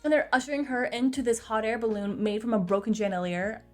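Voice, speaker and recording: A woman's voice: on the high side, steady tone, fast, a little mellow, faint music behind. A young woman recapping a movie in a casual, chatty way, with sarcastic asides, recorded on a close mic. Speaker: movie reviewer.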